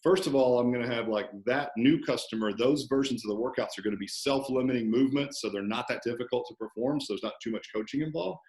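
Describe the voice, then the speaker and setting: A man guest talking about coaching in a relaxed, animated interview, often acting out conversations. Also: mid-range voice, fast, hardly any pauses, reverberant. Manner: animated storyteller, acts out coach-client banter. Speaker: fitness business owner, guest.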